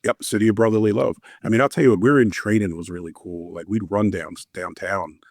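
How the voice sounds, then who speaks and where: A man, a former warrant investigator, telling stories in a relaxed, anecdotal way in an interview. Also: fairly low pitch, quick pace, no echo, studio quality. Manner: relaxed, anecdotal, lots of fillers. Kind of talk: casual interview storytelling.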